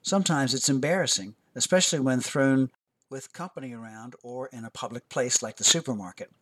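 Calm man hosting a parenting lesson. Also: medium pitch. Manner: calm, instructive, measured. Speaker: host. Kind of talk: scripted parenting advice narration.

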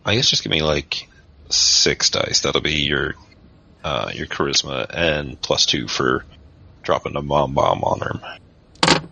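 Very deep-voiced man game master. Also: slow, creaky, long pauses, pushed and bright, a little hiss or hum. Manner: casual, filler-heavy description. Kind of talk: narrating a tabletop game. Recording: dull lo-fi podcast audio.

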